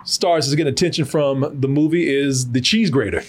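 A man's voice: mid-range voice, normal speed, slight background noise. A man co-hosting a podcast in casual comedic chat, laid-back and swearing casually, laughing often. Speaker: podcast co-host.

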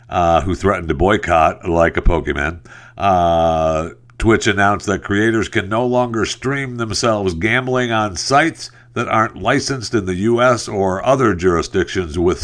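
Low-voiced man hosting casual talk. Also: a bit bright. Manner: chatty, laughs at his own stories. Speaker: talk show host. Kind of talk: casual commentary and news headlines.

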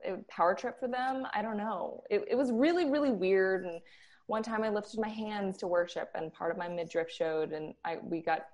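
A young woman, a former Christian band member, recounting her experiences in a chatty, animated way full of "like". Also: medium pitch, normal speed. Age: young adult. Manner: chatty, animated, with frequent "like" and laughs. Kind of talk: casual interview storytelling.

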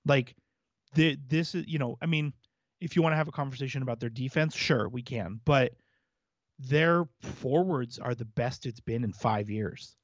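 A man's voice: mid-range voice, normal speed, no room sound, dull audio. A man co-hosting a hockey podcast in casual chat, laying out his points at length in an analytical way. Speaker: podcast co-host.

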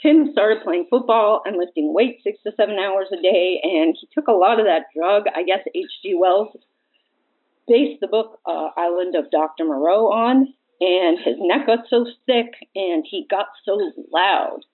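A woman plays a worried, husky-voiced sister phoning in, earnest but drifting toward flirtation. The sound is narrow and tinny, like a phone line. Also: mid-range voice, measured pace. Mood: rattled. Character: flirty anxious sister of an injured player. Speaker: caller. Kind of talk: comic prank call.

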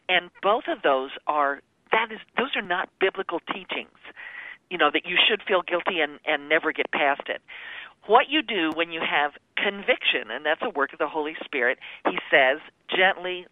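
A woman joins a faith-based radio show by phone, her voice thin and tinny with a dry sound. She talks in an earnest, teaching way and sounds somewhat deep for a woman. She puts on small voices for the quotes she acts out. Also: expressive, moderate pace, dry recording. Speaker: guest author. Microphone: phone call.

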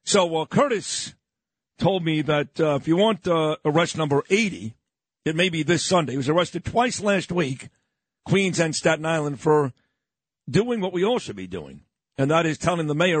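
A man's voice: a little high, animated, normal speed, no echo. A man hosting a morning talk radio show, ranting in a fired-up, opinionated way. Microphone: studio microphone.

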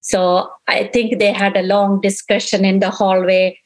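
A grieving middle-aged mother tells her story at an unhurried, measured pace. Her voice sits at an ordinary pitch for a woman. She often slips into quoting what others said to her as the painful account unfolds. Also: level tone, poor audio. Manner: slow, emotional retelling, quoting others. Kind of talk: recounting events in an interview.

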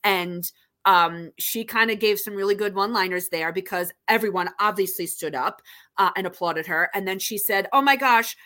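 A woman's voice: medium pitch, fairly even intonation, moderate pace, sharp tone. A woman co-hosting a podcast, chatting casually and gushing with enthusiasm about an awards show. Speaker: podcast co-host. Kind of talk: casual awards recap chat.

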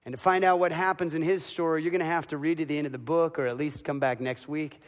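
A man preaching a dramatic sermon as a pastor, building to loud emotional peaks. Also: fairly high pitch, steady tone, fast. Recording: long reverb of a large hall.

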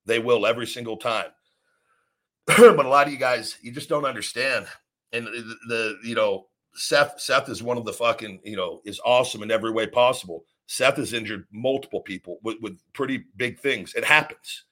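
A man rants bluntly on his own podcast, swearing heavily at a normal pace in a mid-range, slightly bright voice. Sentences get dropped and started over, and he repeats himself a lot.

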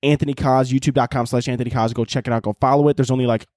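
A man's voice: medium pitch, steady tone, racing, darkish tone, no echo, clean studio sound. A man hosting his own podcast, rambling and joking with lots of swearing. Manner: rambling, profane, jokey, self-interrupting. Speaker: podcast host. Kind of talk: casual solo podcast chat.

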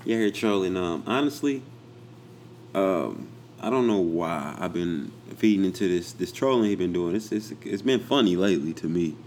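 A man's voice: low voice, animated, normal speed, a little mellow, a little hiss or hum. A man co-hosting a casual chat, laid-back and slangy, rambling with lots of fillers. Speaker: podcast co-host.

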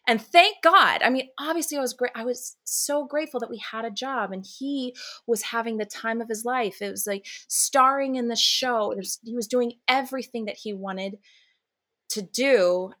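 A woman, a musical theater actress, chatting as a guest in a casual interview and telling candid, animated stories while swearing freely. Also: a little high, normal speed.

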